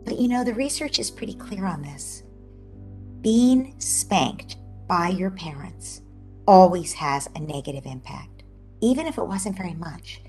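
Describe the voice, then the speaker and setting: Brief: woman, psychologist guest, animated explanatory interview answers over a video call. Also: lowish voice, unhurried, soft background music. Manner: animated, explanatory, dips into soft near-whispers.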